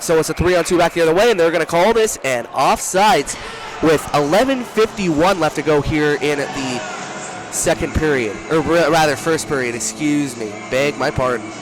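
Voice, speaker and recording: A young man calling a hockey game from a rink booth, talking fast, shouting during rushes and often correcting himself. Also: a little high, a little hiss or hum. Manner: rapid, rising to shouts during rushes, with frequent self-corrections. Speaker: play-by-play commentator. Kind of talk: live hockey play-by-play commentary. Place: broadcast booth at an ice rink.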